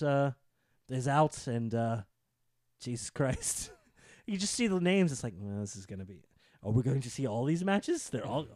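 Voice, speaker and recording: A man co-hosting a casual wrestling podcast, excitable and rambling, with jokey asides. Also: mid-range voice, no echo, studio quality. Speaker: podcast co-host.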